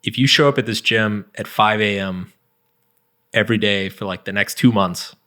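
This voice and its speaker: A man's voice: fairly low pitch, steady tone, normal speed, bright, forceful tone. A man in his thirties, a guest author on an interview podcast, talking in a loose, rambling way full of "like" and restarts. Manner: rambling, heavy use of "like", frequent restarts. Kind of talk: casual interview chat.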